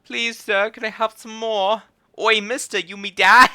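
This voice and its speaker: A man's voice: sits high, steady tone, unhurried, pushed and bright, clean tone, pitched above the performer's own voice, heavily acted. A man voicing a poor Victorian street boy who begs pitifully and then talks back cheekily. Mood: begging.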